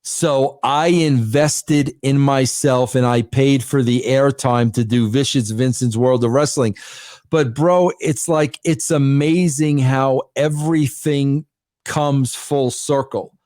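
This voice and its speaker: A man's voice: medium pitch, fairly even intonation, slow, darkish tone, no room sound. A man as an interview guest, talking emphatically in casual speech and calling everyone "bro". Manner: emphatic, says "bro" constantly.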